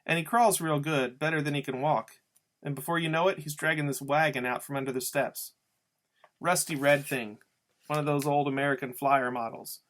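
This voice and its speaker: A man's voice: on the high side, steady tone, normal speed, fairly bright tone. A man reading a novel aloud as an audiobook, telling the story in a casual first-person voice. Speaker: audiobook reader.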